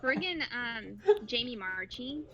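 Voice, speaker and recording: High-voiced woman telling a story. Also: takes it slowly, muffled recording. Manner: animated storytelling, acting out quotes. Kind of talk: casual chat on a livestream.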